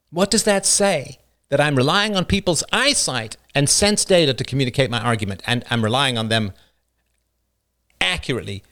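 A middle-aged man hosting a live call-in philosophy show, talking with passion and emphasis, his voice a little rough. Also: on the high side, a bit bright. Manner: passionate and emphatic, reads chat messages aloud. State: slightly rough voice.

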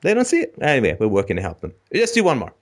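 Animated sarcastic male talk host. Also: medium pitch, rapid-fire. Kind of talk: call-in show commentary.

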